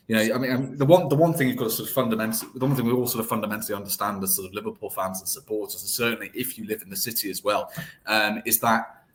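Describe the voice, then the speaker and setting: A man answering as a podcast guest, earnest and reflective, often restarting phrases and filling them with "sort of". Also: on the low side. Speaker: guest, deputy editor of a football site.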